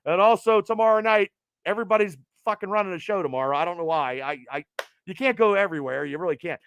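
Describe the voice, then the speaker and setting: A man's voice: high-pitched, fast talker, a bit bright, slight background noise. A man hosting a podcast, rattling off event plugs in an announcer cadence and swearing casually. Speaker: podcast host.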